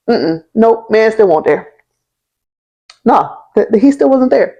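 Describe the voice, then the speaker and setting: A woman's voice: fairly high pitch, expressive, measured pace, long pauses, dark tone, breathy edge, poor audio. A young woman telling a history story in a casual, slangy way, laughing along and checking in with her listeners. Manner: chatty and slangy, often checking in with "right?" and "okay?". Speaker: history vlogger.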